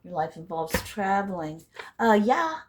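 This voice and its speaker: A woman giving a casual spiritual card reading to her viewers. She rambles and swears freely, and swings between loud bursts and hushed asides. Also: mid-range voice, sing-song, unhurried, background noise. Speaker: intuitive card reader and healer.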